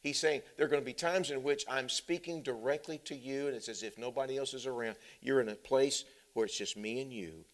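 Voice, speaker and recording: A man preaching a sermon who drops to hushed, low passages and then climbs into loud, emphatic runs of repeated phrases. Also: brisk, few pauses. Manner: builds with repeated parallel phrases.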